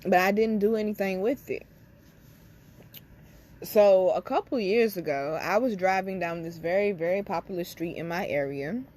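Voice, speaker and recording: A young woman tells a personal story straight to her viewers, frank and unfiltered, with plenty of swearing. Her voice sits in a medium pitch for a woman. She speaks as the host of her own channel. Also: normal speed, darkish tone. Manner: blunt, profane, speaks directly to listeners as y'all. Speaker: spiritual reader and channel host. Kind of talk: candid personal storytelling to camera.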